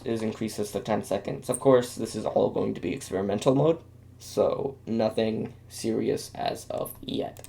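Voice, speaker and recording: A man's voice: mid-range voice, creaky, dark tone. A young man giving casual video game commentary, rambling and self-deprecating with lots of fillers. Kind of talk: casual commentary while drawing.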